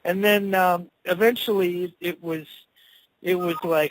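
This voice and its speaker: A man's voice: high-pitched, measured pace, no room sound, poor audio. Male musician being interviewed, casual and loose, cursing freely, dry close sound. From Cleveland. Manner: rambling, animated, swears freely.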